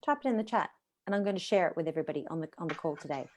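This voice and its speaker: A woman's voice: fairly low pitch, racing. A middle-aged Australian woman, a voice coach, speaking expressively as a guest on a live video call. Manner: expressive, demonstrates voices while teaching.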